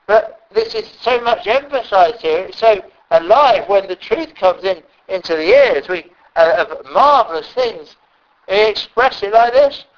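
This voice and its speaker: A man preaching a sermon, often pausing and repeating words as he stresses a point. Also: sits high, expressive. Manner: halting, repeats words, emphatic. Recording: dull lo-fi recording.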